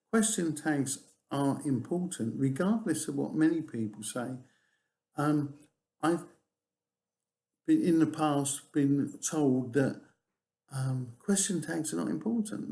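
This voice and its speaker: Gravelly-voiced male tutor. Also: a little high, dark tone. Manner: explanatory, teacherly, with hesitant restarts. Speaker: TEFL course tutor. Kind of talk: recorded course lecture.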